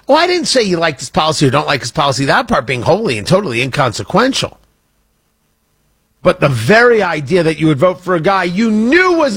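Brief: male show host, husky and high-pitched, combative, swinging pitch in his political rants. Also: fairly bright tone. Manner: emphatic, combative, ranting. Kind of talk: opinionated political commentary.

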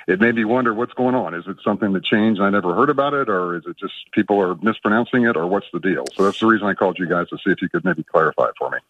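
Caller, male, 50s; fast chatty ramble, husky tone, sounds distant and dull on the line. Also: deep voice, dry recording. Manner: chatty, rambling with fillers and restarts. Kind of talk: phone-in radio call. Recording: muffled phone line on radio.

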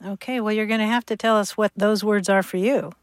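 A woman's voice: mid-range voice, steady tone, a little fast, dry recording, clean studio sound. A woman co-hosting a radio call-in show, greeting callers in a friendly, playful way. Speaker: co-host.

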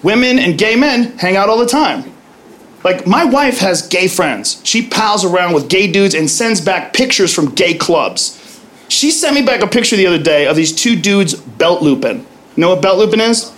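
High-voiced brash stand-up comic man. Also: big pitch swings, moderate pace. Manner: brash, profane, loud punchlines. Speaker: stand-up comedian. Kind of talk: stand-up comedy routine. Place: comedy club stage. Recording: live club recording, audience laughter. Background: crowd laughing.

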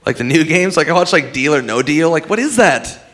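A male stand-up comedian ranting about game shows, breaking into loud outbursts. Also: fairly high pitch, a little fast. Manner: loud, excitable rants with shouted outbursts. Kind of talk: stand-up routine.

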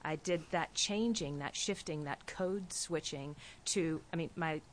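A woman's voice: low voice, unhurried, slight background noise. A woman writer from Appalachia with a light Appalachian accent, speaking thoughtfully in a panel discussion. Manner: thoughtful, literary.

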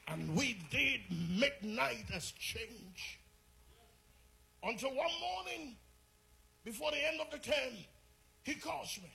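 Male pastor, middle-aged, slow delivery with gravelly fry; animated sermon storyteller. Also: very high voice. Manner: animated storyteller, swinging between quiet asides and shouted peaks.

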